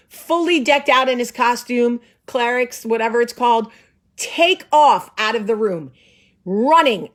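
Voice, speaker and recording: A woman in her forties, the host, telling a story in a lively, sarcastic way and acting out the voices of the people in it. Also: a little high. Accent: New Jersey. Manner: animated, sarcastic, acts out voices. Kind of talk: casual storytelling.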